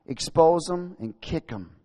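A man's voice: a little high, animated, measured pace, mellow. A male pastor preaching and reading scripture aloud, exclaiming and laughing often. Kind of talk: sermon.

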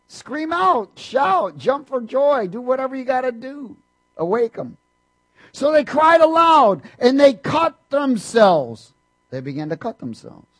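A male preacher with a notably high-pitched voice delivers a passionate sermon. He reads scripture and punctuates it with hallelujahs. His volume rises to fervent bursts and drops to quiet murmured asides. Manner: impassioned, swings between loud bursts and quiet asides; frequent "hallelujah" interjections.

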